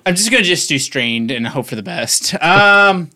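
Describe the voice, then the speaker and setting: A man's voice: a little high, expressive, normal speed, hardly any pauses, sharp tone. A man playing in a tabletop game, flustered and apologetic, laughing often. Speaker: player. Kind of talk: casual tabletop chat.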